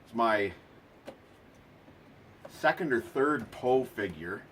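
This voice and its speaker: A man's voice: mid-range voice, expressive, slow pace, noisy background. A man hosting a casual toy unboxing video, talking with dry, sarcastic remarks and lots of ums and uhs.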